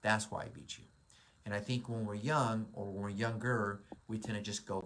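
A man's voice: fairly low pitch, level tone, moderate pace, a bit bright, slight background noise. A man in his forties, a real estate broker, giving a casual motivational talk with lots of ums and restarts. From Southern California. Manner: rambling, many ums and restarts.

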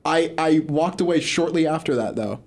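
A man's voice: on the high side, moderate pace, darkish tone. A young man co-hosting a podcast, telling a story in rambling casual chat full of fillers and restarts. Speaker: podcast co-host.

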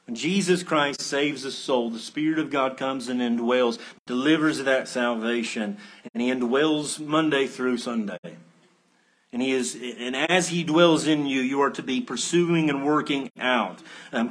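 Unhurried and a bit bright, this pastor delivers an earnest expository sermon. His delivery climbs to emphatic high points and falls back low, with rhetorical questions and conversational asides along the way.

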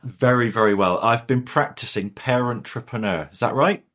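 A man from northern England, a podcast guest, talking in an animated, jokey way. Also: mid-range voice, brisk. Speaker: guest, business author. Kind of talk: podcast interview.

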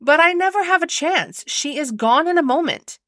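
A woman's voice: extremely high pitch, expressive, moderate pace, fairly bright tone, no echo, studio quality, voice pushed up. A woman voicing a young lady of the house in a storybook reading, uneasy and plaintive, with hesitant replies.

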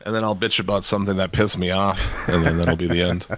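A man's voice: low-pitched, steady tone, fast, a bit bright, slight background noise. A middle-aged man hosting a podcast, rambling and swearing a lot, laughing as he goes. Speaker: podcast host. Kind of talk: casual chat.

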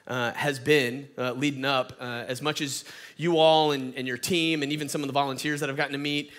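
A man's voice: mid-range voice, fairly even intonation, fairly quick, fairly bright tone. A man with a Southern accent from Atlanta, a guest pastor giving a folksy, conversational sermon full of fillers and restarts. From Atlanta, Georgia.

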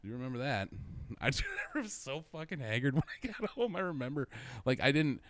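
A man's voice: mid-range voice, sing-song, quick pace, fairly bright tone, no room sound. A young man telling a rambling story in casual chat, swearing constantly and laughing through his own stories.

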